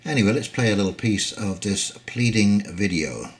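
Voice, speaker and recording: Man, opinionated commentator, fairly low voice, lots of hesitant fillers. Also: lively intonation, moderate pace, slight background noise. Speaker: political commentator. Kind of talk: casual commentary.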